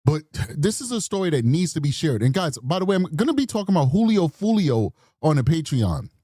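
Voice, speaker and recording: A man's voice: fairly high pitch, sing-song, fairly quick, warm tone, dry recording, studio quality. A man hosting a true crime show in casual, rambling commentary, chatty with apologetic asides. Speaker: true crime podcast host.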